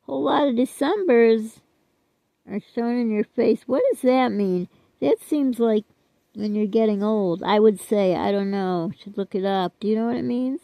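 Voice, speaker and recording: A woman's voice: on the high side, moderate pace, vocal fry, dark tone, dry recording, poor audio. An older woman vlogger chatting casually to her viewers, rambling and self-deprecating, often trailing off with "I don't know.".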